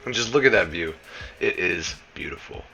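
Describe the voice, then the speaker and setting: A man's voice: deep voice, expressive, moderate pace, vocal fry, pushed and bright, soft background music. A man with a Southern US accent giving a casual, chatty voice-over for a game building tutorial, dropping plenty of "you know" asides. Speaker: game building guide creator.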